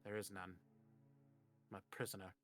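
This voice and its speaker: A man voicing a brooding character who is bound to something terrible, speaking quietly. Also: deep voice, little pitch movement, normal speed, faint music behind.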